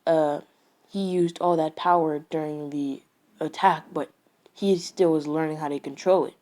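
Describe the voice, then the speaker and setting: A woman's voice: lowish voice, warm tone. A woman improvising a casual story, rambling and hesitant with many restarts. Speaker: fan storyteller.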